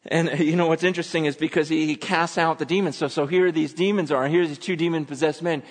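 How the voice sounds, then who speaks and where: A man delivers an Easter sermon in a dramatic storytelling manner, leaning hard into some words and dropping to a near hush on others. His voice sits a little high for a man. It carries with the long reverb of a large hall. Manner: dramatic storytelling, swinging from loud urgency to hushed intensity. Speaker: pastor.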